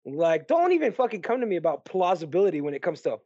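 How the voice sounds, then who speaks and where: A man co-hosting a podcast, chatting casually about movies in an animated, ranting way and swearing freely. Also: high voice, quick pace, breathy edge, no echo. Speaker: podcast co-host. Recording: dry, dull lo-fi sound.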